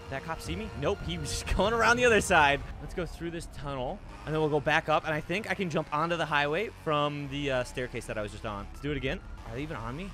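A young man giving casual gameplay commentary as a streamer. He talks to himself, gets excited fast and yells out in bursts. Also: a little high. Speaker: gaming streamer. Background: background music.

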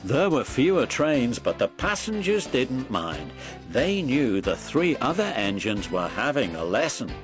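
Slow, lively male storyteller. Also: mid-range voice. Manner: slow, animated reading. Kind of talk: storybook narration. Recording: dry close recording with soft music.

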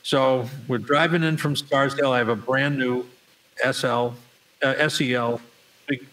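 A man's voice: a little slow, low-quality recording. An older man, telling a story as a guest in an interview, acting out the people in it. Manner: animated storyteller, acts out voices with big pitch jumps. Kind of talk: storytelling anecdote.

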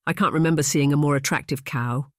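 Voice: medium pitch, steady tone, fast, dry recording, clean studio sound, lightly acted. An audiobook narrator voicing Lord Tyrrell, a cheerful, overeager young nobleman. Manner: bright and overeager.

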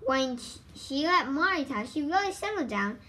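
An earnest, hopeful young woman, read out by a woman. The voice is high and bright. The reading halts and stumbles. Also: expressive. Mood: dismayed. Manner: reads haltingly, stumbling over words.

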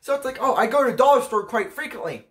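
A man's voice: extremely high pitch, lively intonation, quick pace. A teenage boy vlogging a casual rant to camera, ranking pet peeves in a profane, exasperated way. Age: teens.

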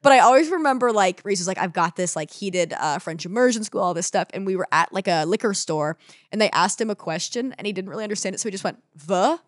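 An animated young woman co-hosts a comedy podcast, telling stories with plenty of swearing and acted-out quotes. Her voice sits mid-range and sounds dry and close. No room sound is heard. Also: mid-range voice, quick pace, no echo. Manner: animated storyteller who swears freely and acts out quoted voices. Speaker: podcast co-host. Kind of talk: casual comedic chat.

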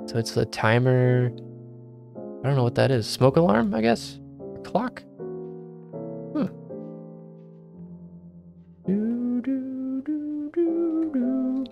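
A playful man narrates his own game session, joking and muttering to himself. He talks at an unhurried pace with a mid-range voice, and faint game music plays behind him. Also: mid-range voice, gravelly. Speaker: gaming video creator. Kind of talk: let's play commentary.

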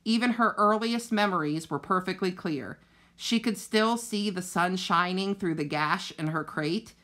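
A woman teacher reading a children's novel aloud with steady storytelling narration. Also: on the low side, measured pace.

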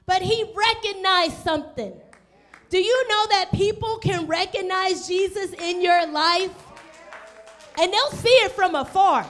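A woman's voice: very high voice, measured pace, fairly bright tone. A woman pastor preaching a sermon in a church, emphatic and folksy, often asking the congregation questions. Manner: conversational, slips into casual folksy speech. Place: church, also streamed online.

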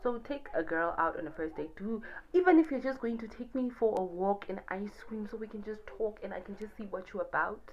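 A woman's voice: mid-range voice, brisk, hardly any pauses, dull audio. Sassy young Namibian woman vlogging. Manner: sassy and animated, rhetorical questions. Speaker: YouTuber. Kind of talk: casual advice monologue to camera.

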